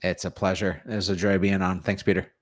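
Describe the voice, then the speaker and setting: Guest: upbeat real estate coach, man, fairly low voice, dry recording. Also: fairly quick, no room sound. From North Dakota. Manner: energetic, salesy, plugs his offers. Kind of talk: casual interview answers.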